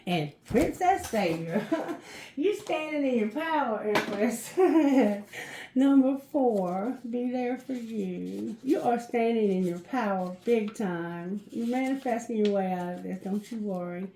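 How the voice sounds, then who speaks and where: A woman with a fairly high voice gives a chatty tarot card reading to her viewers. She is effusive and giggles often between her messages. Her voice rings out in an echoey room. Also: slow pace, warm tone, a little hiss or hum. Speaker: tarot reader.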